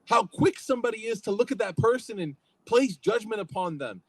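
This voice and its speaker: A man's voice: high-pitched, animated, brisk, fairly bright tone, slightly rough, dry recording, poor audio. A young man giving a casual religious talk, telling stories conversationally and acting out the quotes. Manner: conversational storytelling, acts out quotes. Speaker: youth program speaker.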